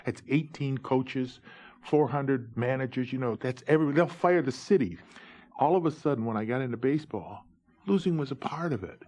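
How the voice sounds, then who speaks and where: A middle-aged man from New York State, a former umpire, tells his own stories in a lively anecdotal way, acting out the dialogue. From New York State, USA. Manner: animated, acts out dialogue with big pitch jumps. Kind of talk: anecdotal storytelling.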